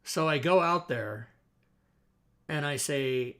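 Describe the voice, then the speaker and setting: Animated man telling a profane story. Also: on the high side, slow. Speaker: host. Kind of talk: casual livestream storytelling.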